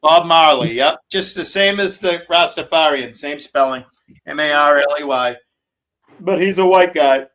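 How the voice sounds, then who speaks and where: A New England man hosts a livestream, his voice a little high and somewhat bright at a moderate pace, though the audio is poor. His casual chat rambles and he swears freely.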